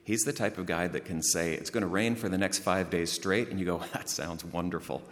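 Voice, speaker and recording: A man preaching a sermon, telling a story in a lively way and praying in a hushed voice. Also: sits low, a little fast. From outside the United States. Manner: lively anecdotal delivery, hushed in prayer. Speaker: pastor. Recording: long hall reverb.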